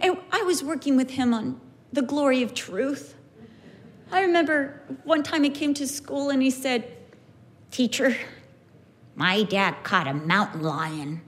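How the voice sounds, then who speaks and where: Animated woman telling stories. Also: high-pitched, a little slow, long pauses. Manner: animated, acting out the voices of her pupils. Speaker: former kindergarten teacher. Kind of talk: personal storytelling.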